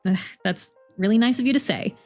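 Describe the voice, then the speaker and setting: A woman's voice: on the high side, brisk, darkish tone, faint music behind, lightly acted. A woman voicing a weary, wry young woman football player who sighs and curses. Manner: sarcastic, sighing, swearing.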